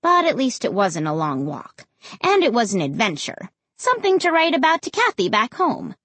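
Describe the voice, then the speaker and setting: A woman narrating a first-person story as an audiobook reader, with expressive storytelling. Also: fairly high pitch, moderate pace, dry recording.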